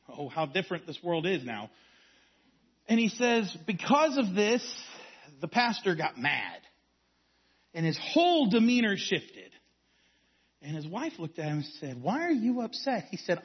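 A man preaching a sermon as a youth pastor, telling stories and dropping his voice low and hushed at key points. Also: big pitch swings, normal speed, pauses often, husky, highs cut off. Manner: storytelling preacher, varies volume from strong to hushed.

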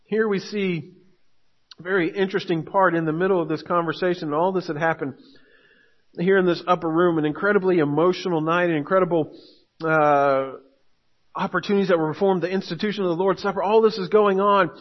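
A man's voice: high-pitched, fairly even intonation, a little fast, muffled recording. A man preaching a sermon as pastor, earnest and building to emphatic urgency.

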